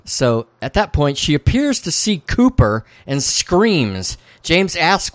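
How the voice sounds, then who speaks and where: A man's voice: very animated, takes it slowly, few pauses, no room sound. A man co-hosting a podcast, casually recapping scenes and reading out the characters' lines. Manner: recounts scenes, reading out quoted dialogue with raised pitch. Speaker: podcast co-host.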